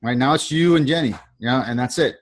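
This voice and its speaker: A man's voice: medium pitch, fast talker. Man coaching sales on a video call. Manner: repetitive, conversational, acts out quoted lines. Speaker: sales trainer.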